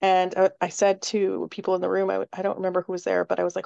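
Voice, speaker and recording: A woman's voice: mid-range voice, monotone, quick pace, vocal fry, warm tone, no echo, muffled recording. A woman, likely in her thirties, talking candidly in a casual chat, swearing freely and laughing often. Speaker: podcast guest.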